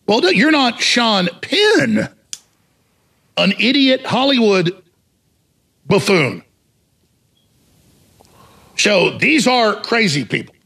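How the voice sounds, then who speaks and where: A man hosting a talk show, ranting in a combative, mocking way and shouting for emphasis, with a raspy, gravelly voice. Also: high voice, big pitch swings, extremely slow, pauses often. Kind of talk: heated talk radio rant.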